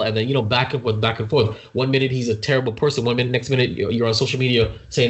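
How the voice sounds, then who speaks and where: A man's voice: mid-range voice, fast talker. Man telling a story with restarts. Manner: animated storytelling, frequent restarts. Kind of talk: casual chat.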